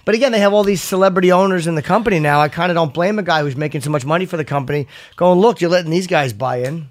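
A man co-hosting a radio talk show in quick, joking casual chat. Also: a little high, no echo.

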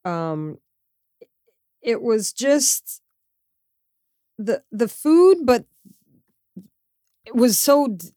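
A woman chatting casually about a trip, telling stories in a lively, animated way. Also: on the high side, very slow, long pauses, no echo, clean studio sound. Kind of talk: casual travel chat.

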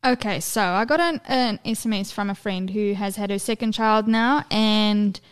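Woman telling animated stories. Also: medium pitch, moderate pace, smooth, faint music behind. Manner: animated storyteller, swears freely, mimics her toddler's voice. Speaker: podcast co-host. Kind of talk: casual podcast chat.

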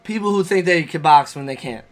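A young man co-hosting a casual chat, animated and profane, acting out his own reactions as he tells stories. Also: on the high side, fairly quick. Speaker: podcast co-host.

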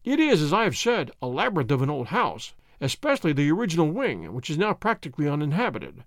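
A man narrates a classic detective tale with lively storytelling. His voice moves animatedly through a fairly high male range. The recording is dry and close. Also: fast talker, no echo.

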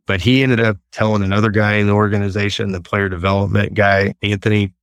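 With a smooth, lowish voice and a quick pace, this middle-aged man from Texas tells stories earnestly and animatedly in an interview. There's no echo on the recording.

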